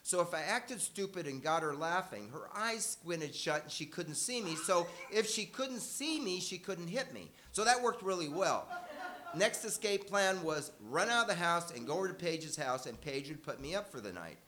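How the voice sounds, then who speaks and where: An older man recounts a childhood story to a live audience. His voice is bright and a little high, and he keeps a loose, conversational flow, with dry humor and frequent self-corrections. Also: expressive, moderate pace.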